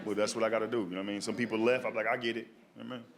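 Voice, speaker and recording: A man's voice: lowish voice, flat delivery, racing. A male stand-up comedian telling rambling stories in a streetwise way on stage, with a handheld mic. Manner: streetwise, rambling, asks the crowd "you know what I mean". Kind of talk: stand-up storytelling. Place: comedy stage before a live audience. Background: audience laughter.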